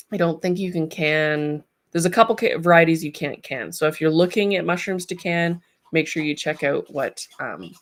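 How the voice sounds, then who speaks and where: A woman's voice: deep voice, gravelly. A woman streaming live from home, chatting casually and rambling with lots of ums. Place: home, with a large dog nearby.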